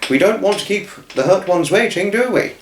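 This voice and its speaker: A man voicing a relaxed, easygoing father. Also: sits high, fairly quick, reverberant, a little hiss or hum, pitched above the performer's own voice. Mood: concerned.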